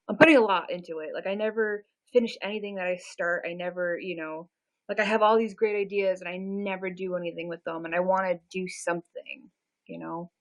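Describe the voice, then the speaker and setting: A woman's voice: lowish voice, steady tone, brisk, poor audio. A woman in her twenties chatting casually on a live stream, self-deprecating and full of fillers. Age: 20s. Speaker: livestreamer.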